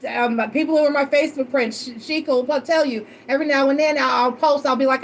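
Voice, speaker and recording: Woman, tarot reader, high voice, casual storytelling, animated, swears freely, faint noise behind. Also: fast talker, few pauses.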